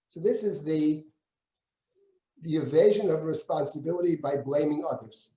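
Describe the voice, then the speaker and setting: A man's voice: normal speed, dark tone. A man teaching a Bible class as a rabbi, reading verses aloud, translating them and acting out the speakers. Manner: reads Hebrew verses aloud, then translates and comments; acts out quoted speakers with shifts in pitch. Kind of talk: lecture with close text reading. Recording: echoey room.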